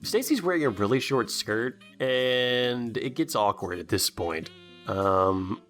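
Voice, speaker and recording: A man's voice: mid-range voice, animated, slow, a bit bright. A man co-hosting a casual movie podcast, his voice swooping up and down as he riffs sarcastically on the plot. Faint music plays under the talk. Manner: sarcastic, jokey, acts out characters in silly voices. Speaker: podcast co-host. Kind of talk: casual movie commentary chat.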